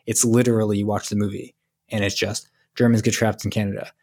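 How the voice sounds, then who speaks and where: A man's voice: lowish voice, little pitch movement, quick pace, a little mellow. A man co-hosting a casual movie podcast, giving a rambling opinion. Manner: rambling, searching for words. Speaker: podcast co-host. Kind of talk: casual movie review chat.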